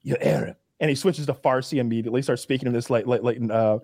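A man's voice: mid-range voice, quick pace, a little mellow, dry recording. A man hosting a podcast, chatting casually and rambling through stories with plenty of swearing and restarts. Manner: rambling, profane storytelling with many restarts. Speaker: podcast host. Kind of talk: casual chat.

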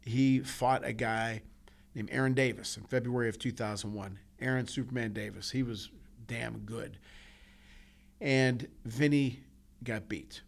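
A man's voice: mid-range voice, steady tone, unhurried, vocal fry. A man co-hosting a podcast, telling personal stories in an earnest, emotional way, with frequent restarts and repeats. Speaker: podcast co-host. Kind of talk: casual heartfelt podcast talk.

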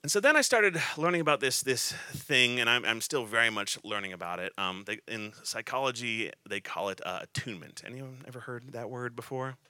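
A man in his thirties preaching a sermon in a conversational, halting way, with restarts and touches of humor. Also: medium pitch, expressive, sharp tone, clean tone, no room sound.

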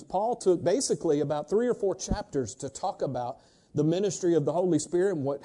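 A pastor delivers a sermon with a mellow, warm tone set slightly high for a man. He talks in an easy conversational way and keeps calling on the congregation to answer and to turn to each other. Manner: conversational preacher, prompts congregation call-and-response.

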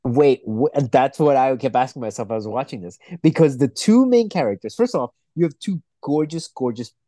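Profane rambling man, mellow dry voice. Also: medium pitch, lively intonation, brisk, no echo. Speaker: podcast co-host. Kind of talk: casual chat.

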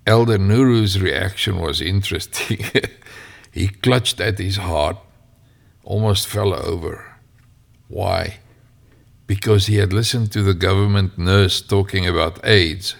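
A man narrating a story in an unhurried way, with fillers and spoken asides. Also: low voice, vocal fry. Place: home, near a mic.

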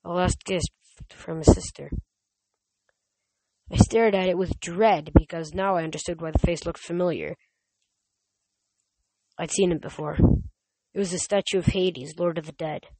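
A first-person storyteller reading at an even middle pitch, close to the mic in a dry, dead space. The telling is steady and plain, with the odd stumble and restart. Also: normal speed, no room sound, rough recording. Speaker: audiobook reader.

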